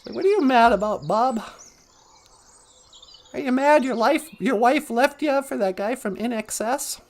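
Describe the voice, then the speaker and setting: A woman's voice: a little high, a little slow. A woman hosting a comedic live-stream podcast, delivering a sarcastic monologue with laughs between jokes and mocking put-on voices. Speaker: podcast host.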